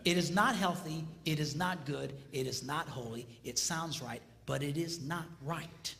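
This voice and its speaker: An older man giving a seminar talk on marriage, animated and acting out voices as he tells stories. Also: on the high side, measured pace, gravelly, big-room sound, a little hiss or hum. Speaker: speaker on marriage.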